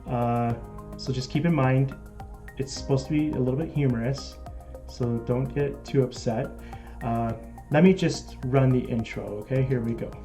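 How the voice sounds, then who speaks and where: A man's voice: medium pitch, normal speed. Canadian man, live-stream host, casual chat, faint music behind. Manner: chatty, reads out viewer comments.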